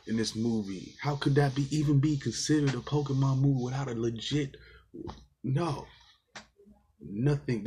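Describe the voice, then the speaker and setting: A man's voice: medium pitch, a little mellow, slight background noise. A man giving a casual, exasperated movie review, rambling with fillers and swearing often. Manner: rambling with many fillers and restarts.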